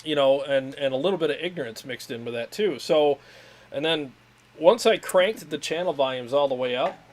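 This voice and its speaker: An enthusiastic man chatting casually on a livestream, pitched a little higher than most men. He rambles and restarts his sentences as he talks about his gear. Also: expressive, normal speed. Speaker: show host.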